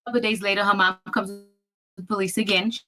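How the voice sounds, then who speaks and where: A woman's voice: medium pitch, steady tone, quick pace, sharp tone, soft background music. A woman in a casual vlog, emphatically telling a family story, acting out other people's lines and addressing viewers as y'all. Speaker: storyteller in her own video.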